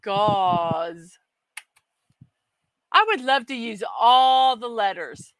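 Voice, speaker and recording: A slightly high woman's voice drawls through a casual morning livestream, laughing easily and chatting with viewers in a self-deprecating way. She takes her time over each phrase, and the sound is close and dry. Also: animated, extremely slow, a bit bright, clear, resonant tone, no echo, low-quality recording. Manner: chatty and self-deprecating, laughs often, reads chat aloud. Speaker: host of a daily morning livestream.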